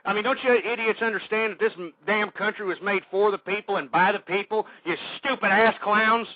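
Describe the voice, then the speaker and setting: A man hosting a radio show, ranting angrily and shouting insults at his listeners. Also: high-pitched, fairly even intonation, brisk, no room sound, phone-quality sound. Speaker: radio host. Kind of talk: angry political rant.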